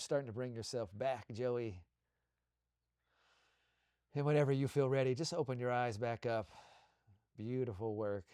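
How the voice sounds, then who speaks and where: Male co-host, mid-pitched, calm guided-visualization delivery, dry and close. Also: clear, resonant tone, no room sound. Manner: slow, soothing, repetitive coaching cues.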